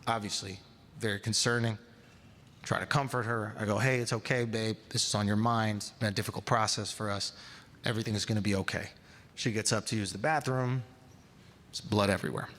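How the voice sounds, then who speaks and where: A man doing stand-up in a large theater, telling a story and acting out the dialogue, sliding from hushed to shouting. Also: on the low side. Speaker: stand-up comedian. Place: large theater stage before a live audience. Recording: live theater with long reverb and crowd ambience.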